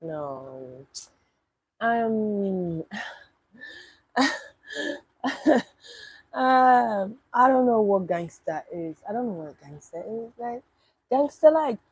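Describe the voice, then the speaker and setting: A woman's voice: mid-range voice, expressive, extremely slow, pauses often, husky, no echo, poor audio. A woman from Nigeria, chatting casually on a livestream and answering viewers' questions with wry disbelief. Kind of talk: casual livestream chat reading comments.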